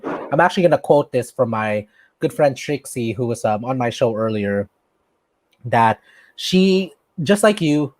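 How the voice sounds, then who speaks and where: An enthusiastic podcast host rambles through his questions with many ums and Tagalog asides. The voice sits at a middle pitch, recorded dry and close with no room sound. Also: a little mellow, no echo. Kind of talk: casual interview chat.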